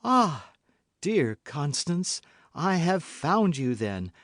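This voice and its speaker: A man voicing a scheming noblewoman who speaks in a smooth, guarded, falsely warm way. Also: a little high, sing-song, drawn-out words, dry recording, clean studio sound, voice pushed up, full character voice. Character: scheming noblewoman, cold, cunning, falsely sweet.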